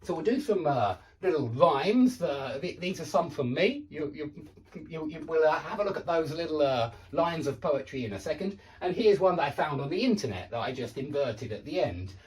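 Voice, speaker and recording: A man's voice: fairly high pitch, expressive, moderate pace. A man with a southern English accent teaching pronunciation online, repeating words with exaggerated contrast and chatty asides. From southern England.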